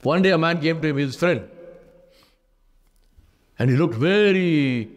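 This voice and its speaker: A man giving a sermon as an imam in a mosque, telling a story with lively pitch shifts and repeated phrases. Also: measured pace. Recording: long hall reverb.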